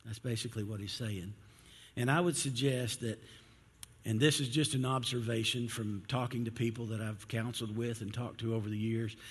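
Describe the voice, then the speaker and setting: A man's voice: medium pitch, fairly even intonation, normal speed, breathy edge. A man preaching a sermon in a conversational way, acting out the complaints of biblical figures. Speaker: pastor. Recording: hall reverb.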